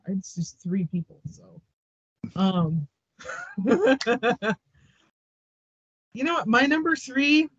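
A woman's voice: mid-range voice, no echo, muffled recording. A Canadian woman co-hosting a podcast in casual chat, laughing often and hesitating with lots of fillers. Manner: giggly, hesitant, many fillers. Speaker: podcast co-host.

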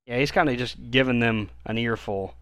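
A man's voice: medium pitch, moderate pace, clear, resonant tone, no room sound. A man co-hosting a casual anime podcast, retelling the plot in a laid-back way. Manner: laid-back, relaxed retelling of plot with fillers and mild swearing. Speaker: podcast co-host. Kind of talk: casual anime recap chat.

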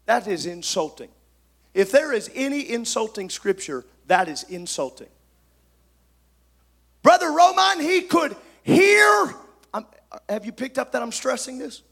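A man preaching a sermon, emphatic, swinging from shouted lines to soft asides. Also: extremely high pitch, sing-song, normal speed, pauses often, breathy edge.

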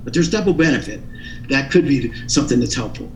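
A man's voice: medium pitch, fast, a little mellow, reverberant, distant mic, slight background noise, low-quality recording. A man being interviewed, explaining his ideas in an earnest, teaching tone with frequent restarts. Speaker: interview guest. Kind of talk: explanatory radio interview talk.

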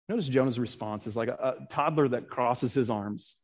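A man's voice: medium pitch, normal speed, few pauses. A man preaching a sermon in an earnest way, reading scripture and creeds aloud with rising emphasis and sometimes stumbling over his words. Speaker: pastor.

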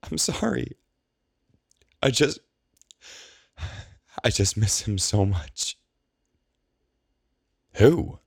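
A man's voice: on the low side, sing-song, a little slow, darkish tone, no room sound, clean studio sound, voice pushed up, heavily acted. A man doing a tearful, shaky young woman. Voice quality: breathy, tearful. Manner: shaky, pleading.

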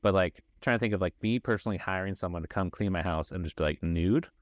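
Low-ish guy co-hosting a podcast, rambly and sweary, dry sound. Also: fast, no room sound. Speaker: podcast co-host. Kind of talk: casual chat.

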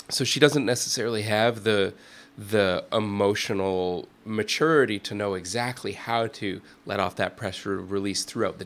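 Reflective rambling man, low voice. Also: fairly bright tone. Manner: reflective, rambling with many fillers and restarts. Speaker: musician guest. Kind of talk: casual interview chat.

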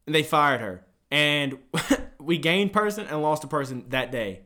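Young guy, slightly high voice, casual and profane storyteller. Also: measured pace. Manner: profane, animated storyteller acting out callers. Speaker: gym front desk worker.

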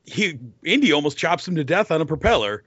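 A man's voice: a little high, big pitch swings, brisk, a bit bright, husky, no echo. Man cohosting a film podcast, jokey and playful, bouncy voice, dry room. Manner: teasing, playful, slips into quoted voices. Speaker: podcast co-host. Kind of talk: casual movie discussion. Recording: dry, dull lo-fi sound.

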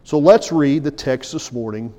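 A male pastor preaching a sermon, with emphatic delivery that swings from loud declarations to hushed asides. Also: on the high side, normal speed. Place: church sanctuary. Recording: long church hall reverb.

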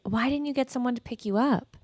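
A woman's voice: fairly high pitch, brisk, a little mellow, no room sound. A woman hosting a casual chat, blunt and teasing, who swears casually.

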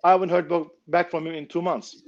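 A knife maker telling a story casually, blunt and swearing freely. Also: male voice, on the high side, little pitch movement, brisk, vocal fry, lo-fi sound.

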